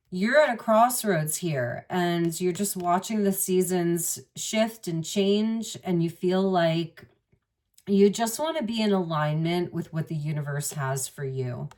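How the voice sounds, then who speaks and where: Brief: woman tarot reader, lowish voice, intimate and musing, set back from the mic. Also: a little mellow, recorded from a distance. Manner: musing, intimate, speaks straight to the listener. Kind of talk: spoken tarot reading to the viewer.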